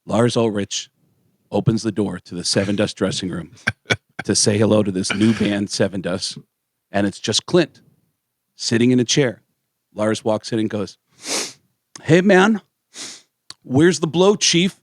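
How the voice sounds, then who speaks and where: A man co-hosting a radio talk show, telling stories in a lively way and acting out the people he quotes. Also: fairly low pitch, moderate pace, long pauses. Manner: animated storyteller acting out quotes in voices. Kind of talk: casual storytelling chat.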